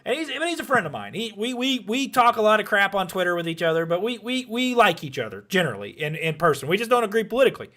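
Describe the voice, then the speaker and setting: Animated high-voiced man telling stories. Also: fast, hardly any pauses. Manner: animated storyteller, laughs and shouts at punchlines. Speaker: podcast co-host. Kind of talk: casual chat.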